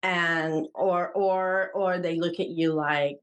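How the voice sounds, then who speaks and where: A woman hosting a casual interview, speaking haltingly and searching for words. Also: lowish voice, steady tone. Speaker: podcast host and retreat volunteer.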